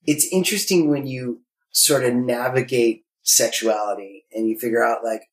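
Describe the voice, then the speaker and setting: A man's voice: medium pitch, fairly even intonation, normal speed. A man talking candidly and animatedly, acting out quoted voices as he tells stories. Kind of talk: candid conversation. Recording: roomy echo.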